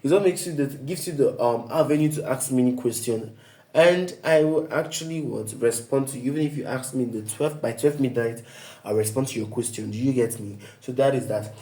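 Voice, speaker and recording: A man's voice: mid-range voice, fairly quick, mellow, echoey room. A man teaching an online writing lesson as a coach, emphatic, often asking listeners to fill in the blank and checking "do you get me?".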